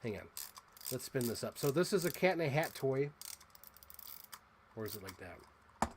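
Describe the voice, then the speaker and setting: A man hosting a casual toy unboxing, chatty and excitable as he gushes over what he shows. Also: medium pitch, normal speed, noisy background. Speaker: host.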